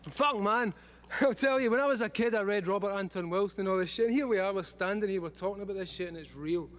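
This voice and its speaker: A man's voice: high voice, quick pace. A Scottish man in his forties giving a rambling talk to a live audience, swearing freely and laughing often. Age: 40s. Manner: profane, laughing often, excitable. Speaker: speaker at a live event.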